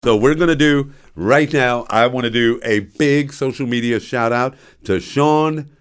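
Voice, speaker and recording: A man's voice: medium pitch, unhurried, clear, resonant tone. An older man hosting his own show, telling stories casually, laughing often and acting out voices from his stories. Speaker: show host. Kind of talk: casual storytelling monologue.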